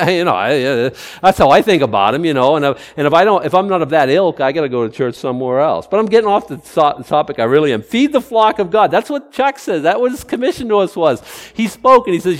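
A man's voice: a little high, animated, quick pace. A middle-aged man preaching a casual, rambling sermon to his congregation, breaking off and restarting his thoughts. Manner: rambling, conversational, self-interrupting. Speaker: pastor. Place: church sanctuary.

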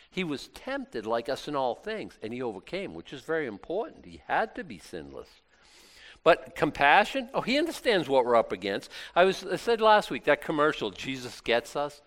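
Lively conversational male preacher. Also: medium pitch. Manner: conversational preaching with laughs and acted asides. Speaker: pastor. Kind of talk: sermon.

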